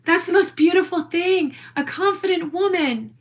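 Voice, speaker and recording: A woman's voice: extremely high pitch, normal speed. A woman ranting into her own video in a brash, profane, defiant way. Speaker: social media poster. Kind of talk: rambling self-recorded video rant.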